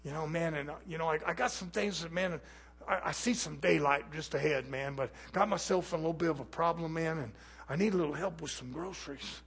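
A man's voice: fairly high pitch, fairly quick, fairly bright tone, slightly rough. A preacher voicing a sheepish man who rambles and hesitates as he asks a church brother for help.

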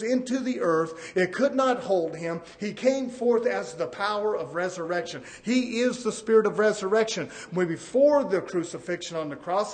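A high-pitched male preacher delivers a fervent sermon. He swings from quiet asides to loud, emphatic peaks, calling out to his congregation as he goes. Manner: emphatic preaching with sudden rises in pitch and loudness; peppers lines with "amen" and "brothers and sisters".

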